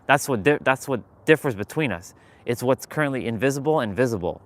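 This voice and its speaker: A man's voice: mid-range voice, lively intonation, brisk. Candid swearing man on a livestream. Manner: candid, emotional, swears, rambles with restarts. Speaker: livestream host. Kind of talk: casual confessional livestream talk.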